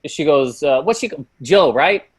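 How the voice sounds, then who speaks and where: A man's voice: on the high side, lively intonation, measured pace, slightly rough. A comedian telling rambling, profane stories in loose podcast banter. He breaks into laughter mid-sentence and keeps piling on details. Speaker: comedian guest.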